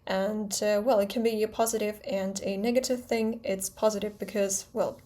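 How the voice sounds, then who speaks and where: Young female teacher-vlogger, Russian native, British English accent, candid and chatty with self-corrections, mid-pitched voice. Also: fairly even intonation, moderate pace, hardly any pauses, mellow. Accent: British English with a Russian background. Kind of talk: explanatory vlog lesson.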